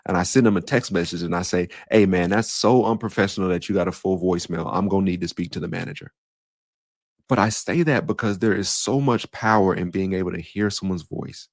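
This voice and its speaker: A man's voice: low voice, no echo, clean studio sound. A man hosting a solo podcast as a life coach, talking in an earnest, conversational way with casual slang and frequent restarts.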